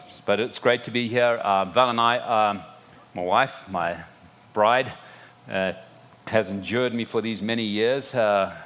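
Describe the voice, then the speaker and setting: A man's voice: lowish voice, fairly bright tone, slight background noise. Zimbabwean-accented man, chatty preacher. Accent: Zimbabwean English. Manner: chatty, self-deprecating, many restarts and fillers. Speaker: visiting pastor. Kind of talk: sermon opening. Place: church sanctuary.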